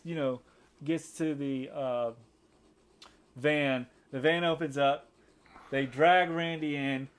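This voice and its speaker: Man, podcast co-host, rambling movie chat, lots of ums and restarts, a bit high voice. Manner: rambling, many fillers and restarts, acts out quotes. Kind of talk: casual movie review chat.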